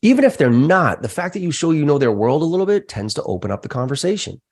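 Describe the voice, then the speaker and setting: A middle-aged American man, a sales trainer, telling stories candidly with profanity and lively quoted voices. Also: fast talker. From United States. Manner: animated, profane, acts out quoted voices with big pitch jumps. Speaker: sales trainer and podcast guest. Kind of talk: candid conversational storytelling.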